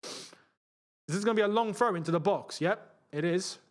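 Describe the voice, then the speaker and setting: A man's voice: high-pitched, moderate pace. A man hosting a live football watchalong, commenting casually, reading chat messages and repeating himself in frustrated outbursts.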